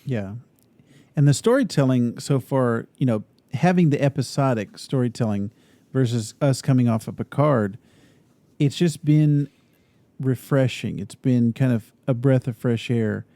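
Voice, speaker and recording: A man co-hosting a podcast in casual chat, telling stories in a relaxed, agreeable way. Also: mid-range voice, unhurried, dry recording. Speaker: podcast co-host.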